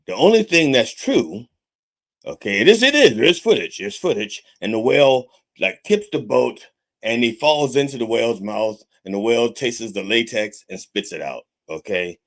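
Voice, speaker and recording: A man hosts a podcast as a mock reverend, cursing freely through a comedic monologue. His pitch rises and falls with animation, and he keeps checking in with the listener by asking okay. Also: expressive, normal speed. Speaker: podcast host styled as a reverend.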